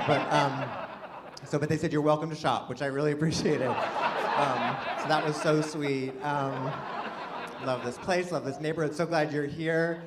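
Higher-voiced man doing self-deprecating stand-up. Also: fairly even intonation, normal speed, a crowd in the background, noisy background. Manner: chatty, self-deprecating, playful asides. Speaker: stand-up comedian. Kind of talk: stand-up comedy set. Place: live comedy venue with an audience.

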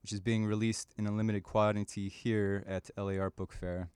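A man from the Chicago area giving a measured, prepared talk on the radio, with occasional fillers and self-corrections. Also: lowish voice, level tone, darkish tone, clean tone, no room sound. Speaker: radio presenter and publisher.

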